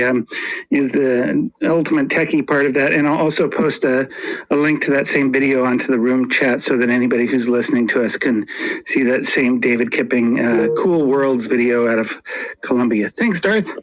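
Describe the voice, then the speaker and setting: A man's voice: fairly high pitch, a bit bright, low-quality recording. Polite hesitant man on a call. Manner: polite, hesitant, many fillers. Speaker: caller. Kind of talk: online call-in debate.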